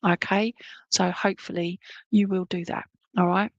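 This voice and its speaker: A woman's voice: lowish voice, fairly even intonation, moderate pace, dry recording, dull audio. A woman working as a medium, giving a chatty, reassuring clairvoyant reading at a church service and often checking in with her listeners.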